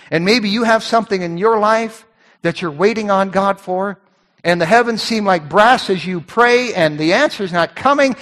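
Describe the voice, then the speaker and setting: Male pastor, sermon, high voice, lively swooping delivery, repeats words, long hall reverb. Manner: animated preaching, acts out voices, repeats words.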